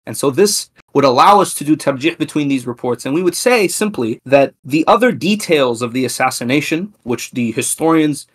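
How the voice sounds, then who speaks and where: Man giving a measured, reverent history lecture. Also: a little high, animated, breathy edge. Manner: measured, reverent, with small restarts. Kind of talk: scripted historical lecture reading narrations.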